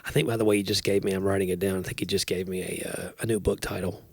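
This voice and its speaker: A man's voice: low-pitched, steady tone, fast talker, creaky, husky, dry recording. A man co-hosting a podcast, talking in an earnest, reflective way and laughing easily. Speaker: podcast co-host. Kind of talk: casual chat.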